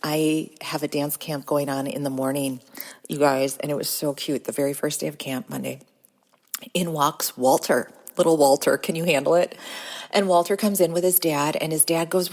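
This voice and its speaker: A woman talks in a casual podcast monologue, upbeat and chatty, laughing often. Her voice sits low with a gravelly, slightly husky texture. She records from a corner of her home. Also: fairly even intonation, normal speed, a little mellow. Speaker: podcast host and business coach.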